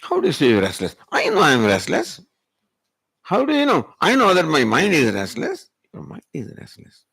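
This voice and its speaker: In a retreat hall, a male spiritual teacher gives a Vedanta discourse, pushing the listener with rhetorical questions. His voice is high-pitched and a bit bright with vocal fry, and there is no room sound.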